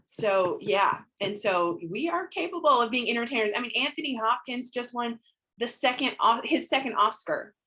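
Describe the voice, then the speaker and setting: A woman who sings professionally, chatting on a video call. Her voice is bright and forceful, and she talks in an upbeat, emphatic way. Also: on the high side, expressive, moderate pace, poor audio. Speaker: professional singer. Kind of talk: casual group video call.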